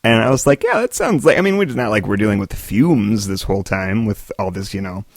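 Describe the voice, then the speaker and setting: A man with a lowish voice hosts his own podcast, talking fairly quickly in clean studio sound with no room echo. He rambles through stories, meandering along and cracking self-deprecating jokes in a solo monologue.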